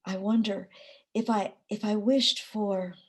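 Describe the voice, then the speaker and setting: A middle-aged woman poet talking in a reflective conversation, thoughtful, with many pauses and fillers and easy laughter. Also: medium pitch, fairly even intonation. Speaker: poet, interview guest.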